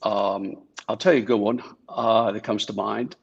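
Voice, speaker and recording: A former Secret Service agent from New Jersey joins a video call as a guest and tells chatty anecdotes packed with fillers. His fairly low voice is steady, moderately paced, husky and fried, and the recording is muffled.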